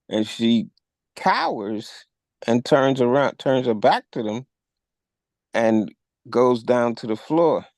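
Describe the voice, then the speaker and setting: A man co-hosting a talk show, recounting a news event in a measured, storytelling way. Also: lowish voice, expressive, a little mellow, no echo. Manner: measured storytelling, acts out quoted officers with raised voice. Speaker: podcast co-host. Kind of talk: conversational retelling of a news story.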